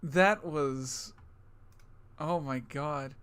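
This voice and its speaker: A young man co-hosting a casual reaction chat, excitable and swearing, talking over a call. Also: on the high side, very slow, smooth. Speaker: channel co-host. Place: home, remote call.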